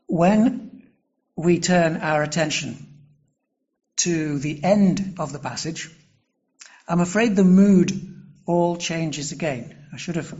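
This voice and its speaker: A man preaching a sermon to his congregation, measured and earnest, pausing and restarting as he explains a passage. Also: fairly high pitch, dull audio.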